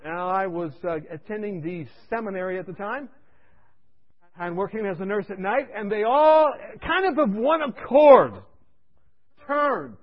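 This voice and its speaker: A male preacher telling a story in his sermon, animated and conversational, dropping to a hush for asides. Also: sits high, a little slow, highs cut off.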